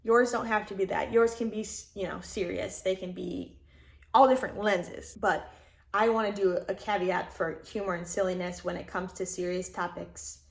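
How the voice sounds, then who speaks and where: Chatty young woman talking through feelings. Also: mid-range voice. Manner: conversational, reflective, with frequent fillers and restarts. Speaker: host. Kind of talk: casual self-help talk to camera.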